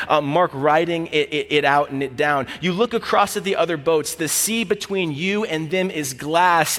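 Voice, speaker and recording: A man preaching a sermon as pastor, telling the story vividly with repeated phrases and dropping to a hushed voice at key moments. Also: high voice, in a large hall.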